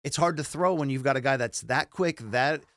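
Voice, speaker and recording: A man co-hosting a sports show, posing long questions in a lively way. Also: mid-range voice, brisk, dry recording, clean studio sound. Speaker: podcast co-host. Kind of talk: casual sports debate.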